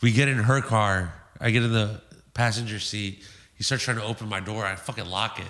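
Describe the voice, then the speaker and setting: A man guest on a podcast, telling a wild story in a profane, animated way. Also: on the low side, a little fast, long reverb tail. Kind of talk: casual anecdote.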